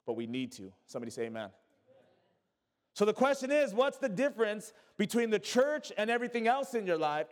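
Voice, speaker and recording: Male pastor, high voice, emphatic call-and-response preaching, echoey church hall. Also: a little mellow. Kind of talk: sermon. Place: church sanctuary.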